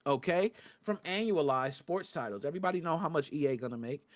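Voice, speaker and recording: A man with a high, bouncy voice hosts a live gaming podcast and chats straight to his viewers. He jumps from quiet mumbles to loud, excited outbursts and curses freely as he rants. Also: fairly quick. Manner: talks to live chat viewers. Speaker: podcast host.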